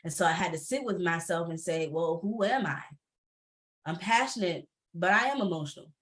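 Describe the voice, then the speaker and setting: A woman speaking candidly on a panel over a video call, expressive and laughing often. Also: lowish voice, moderate pace.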